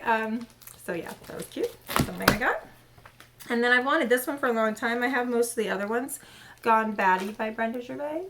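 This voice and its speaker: Woman host, casual show-and-tell vlog, gravelly fry, rambling and chatty. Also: fairly high pitch, lively intonation, a little fast, fairly bright tone. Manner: chatty, rambling with many fillers and self-corrections. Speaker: cross-stitch channel host.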